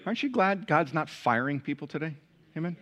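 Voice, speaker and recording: A male pastor preaching a sermon to a large church, swinging from loud emphatic peaks to quiet, hushed lines. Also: on the high side, expressive, brisk. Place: large church with balcony, live congregation.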